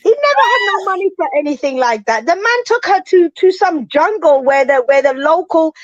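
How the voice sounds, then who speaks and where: A woman's voice: extremely high pitch, very animated, moderate pace, no echo, highs cut off. A woman co-hosting a reality show review, chatting casually and emphatically, repeating phrases for effect. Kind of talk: casual gossip chat.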